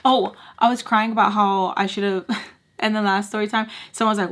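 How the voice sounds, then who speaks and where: A woman's voice: medium pitch, flat delivery, moderate pace, a bit bright. A woman telling a personal storytime while doing her makeup, talking emphatically and peppering it with "like", heated and dramatic as she recounts it. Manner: emphatic, heavy use of "like". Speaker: beauty vlogger.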